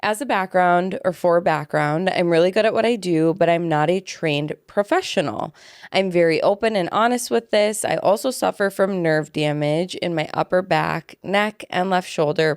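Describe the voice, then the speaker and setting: A young adult woman co-hosting a podcast, chatting casually and reading listener stories aloud in a relaxed, offhand way. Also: fairly low pitch, normal speed, creaky, no echo, studio quality. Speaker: podcast co-host.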